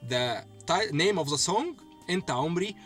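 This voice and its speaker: A man teaching a language lesson, repeating phrases slowly and often checking in with "okay?". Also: a little high, expressive, pushed and bright, soft background music. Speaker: Arabic teacher.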